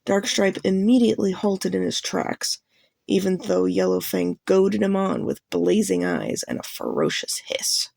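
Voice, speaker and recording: A woman reading a novel aloud as a fan audiobook, narrating in an even, plain storytelling manner. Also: medium pitch, a little slow, gravelly, husky, dry recording.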